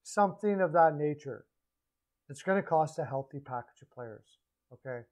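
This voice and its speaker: Male hockey commentator, slightly high voice, casual and rambling, self-correcting. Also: lively intonation, normal speed, a little mellow, rough recording. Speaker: hockey podcaster.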